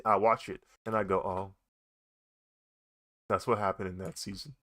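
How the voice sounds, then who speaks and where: A young man chatting casually while he draws, animated and laughing often as he talks. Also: on the low side, moderate pace. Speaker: artist vlogger. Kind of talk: casual chat while drawing.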